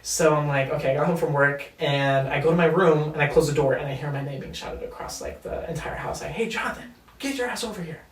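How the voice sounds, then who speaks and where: A young man recounts his own story as an interview guest, candid and animated and quick to swear. His voice sits in the middle range. The recording is echoey, and he sounds a little far from the mic. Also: a little high. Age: young adult. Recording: echoey room, distant mic.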